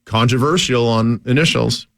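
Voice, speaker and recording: A man's voice: mid-range voice, normal speed, vocal fry, fairly bright tone, no room sound, studio quality. A man co-hosting sports radio, chatty and earnest. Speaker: radio co-host.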